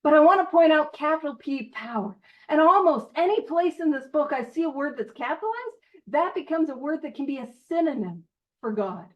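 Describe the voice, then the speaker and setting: A woman's voice: high voice, expressive, fairly quick, muffled recording. A woman from Canada, a guest speaker giving a casual, jokey recovery talk that goes off on tangents.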